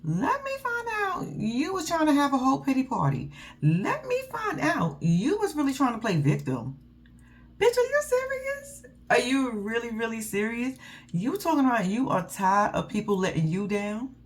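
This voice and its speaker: A woman talks through a reality show in a loud, sassy and profane way, laughing often. Her voice swoops widely and sits a little high. She speaks in a casual recap style. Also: huge pitch swings, normal speed.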